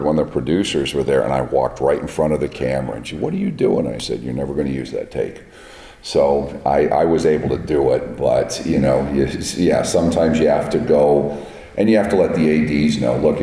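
Interviewed casually as a guest, a film makeup artist with a very deep, dark voice made raspy by smoke on set tells blunt, plain-spoken stories from his work. The trade-event hall is big and echoey, leaving a long reverb tail.

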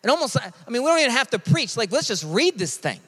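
A man preaching a sermon in an emphatic, energetic and casual way. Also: very high voice, quick pace. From United States. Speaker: pastor. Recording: long reverb of a large hall.

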